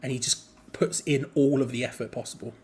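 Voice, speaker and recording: A young man hosting a live football watch-along, mixing quick play-by-play with rambling chat and sudden excited outbursts. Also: medium pitch. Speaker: fan channel co-host.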